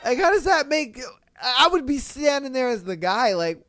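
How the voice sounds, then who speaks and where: A man hosting a casual solo podcast, reading listener stories aloud with animated, incredulous, swearing commentary. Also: very high voice, normal speed, loud music behind the voice. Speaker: podcast host.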